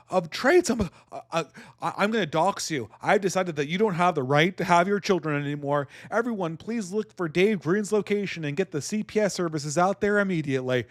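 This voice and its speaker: A man mocking a shrill indignant online debater. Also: dry recording, clean studio sound. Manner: exaggerated outrage, sneering.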